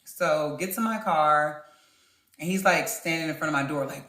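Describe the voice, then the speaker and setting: A woman vlogger telling a dating story in an animated way, talking straight to her viewers. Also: deep voice, normal speed. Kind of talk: storytime vlog. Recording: roomy echo.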